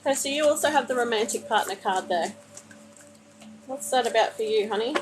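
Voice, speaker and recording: A woman's voice: fairly high pitch, lively intonation, quick pace, soft background music, low-quality recording. Soothing woman reading tarot cards live. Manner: soothing and reassuring, calls viewers honey. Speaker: tarot card reader. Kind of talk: live-stream card reading. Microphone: phone.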